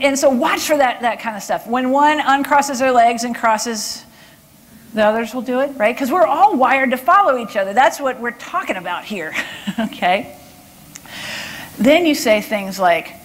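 A woman from Texas speaks to a conference crowd in a bright, high voice. She is chatty and lively, stopping often to check in with "okay?" and "right?". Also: normal speed, a little hiss or hum. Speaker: body language speaker. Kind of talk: conference talk with audience questions.

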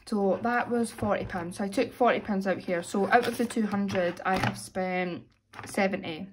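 A young British woman, a little hoarse, chatting casually as she counts out cash for her weekly budget. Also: mid-range voice, normal speed, background noise. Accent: British English. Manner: chatty, self-narrating, counting money aloud. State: slightly hoarse, losing voice. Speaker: budgeting vlogger. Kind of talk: casual chat while cash stuffing.

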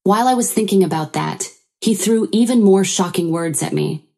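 A woman's voice: mid-range voice, moderate pace, creaky, warm tone. A woman narrating a first-person story in an earnest, sorrowful way.

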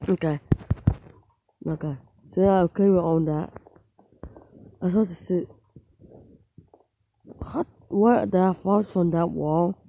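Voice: medium pitch, slow, gravelly, long pauses, narrow, tinny audio. A gamer giving casual let's-play commentary on their own mobile play, rambling to themselves with frequent restarts and small outbursts at the game.

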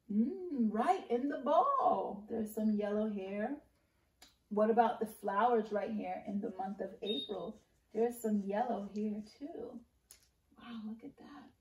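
A woman leading a preschool circle-time lesson, with an encouraging sing-song manner, speaking slowly and clearly to young children. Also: a little high, darkish tone, reverberant, recorded from a distance, low-quality recording. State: out of breath. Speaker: preschool teacher.

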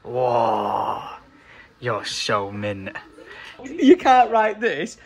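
Excitable man, lively voice. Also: mid-range voice, drawn-out words. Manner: excitable, gushing, laughs often. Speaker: vlogger. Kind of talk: casual vlog chat.

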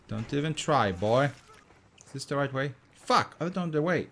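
A man giving casual let's-play commentary, excitable, swearing often and shouting callouts. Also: medium pitch, normal speed. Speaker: gameplay commentator.

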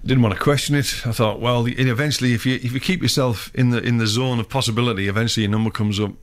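A man's voice: mid-range voice, steady tone, racing. A man, a filmmaker guest telling long, rambling anecdotes in casual chat. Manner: rambling storyteller, many restarts.

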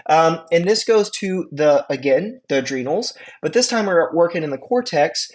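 A man's voice: on the high side, animated, moderate pace. A man giving a casual EMT classroom lecture, chatty and informal with many fillers and acted-out examples. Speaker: EMT instructor.

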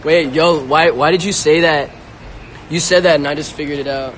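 A man's voice: on the high side, fairly even intonation, normal speed. A young man on a casual live stream, a musician talking loosely in slang on his phone. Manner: slangy and loose, raps and sings along. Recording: loud music playing behind.

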